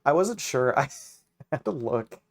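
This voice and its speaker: Chatty guy streamer, laughs a lot, talks fast to chat, average pitch. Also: very animated, vocal fry, no room sound, studio quality. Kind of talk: casual live-stream chat.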